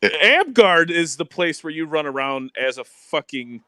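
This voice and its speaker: A man co-hosting a casual gaming stream, telling animated, profane stories. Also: on the high side, unhurried, dry recording, clean studio sound. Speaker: stream co-host.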